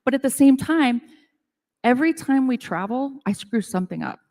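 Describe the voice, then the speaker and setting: Her voice sits high with a darkish tone and lively intonation, moving at a moderate pace. This middle-aged woman, speaking at a women's business event, tells chatty, self-deprecating stories packed with "like" to a live audience in a conference room. The hall's long reverb trails her words.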